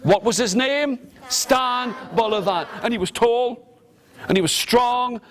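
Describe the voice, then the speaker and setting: A middle-aged man telling an interactive story to a live audience, lively and animated, leading the listeners in call-and-response and gestures. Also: extremely high pitch, unhurried. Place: large room with a live audience.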